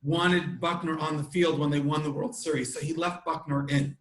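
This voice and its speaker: Chatty podcast host in an echoey room. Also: male voice, on the high side, moderate pace. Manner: animated storytelling, many restarts. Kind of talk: casual chat.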